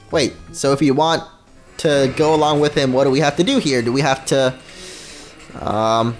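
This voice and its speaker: A man hosting a gameplay video, commenting in a goofy, joking and excitable way. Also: medium pitch, moderate pace, faint music behind. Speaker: let's play host.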